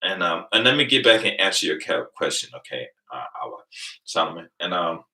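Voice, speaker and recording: A middle-aged man from Venice, California, telling a profane, boastful story on a livestream, swinging between low mutters and loud outbursts. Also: sing-song, brisk, rough recording. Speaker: livestream host. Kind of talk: casual storytelling.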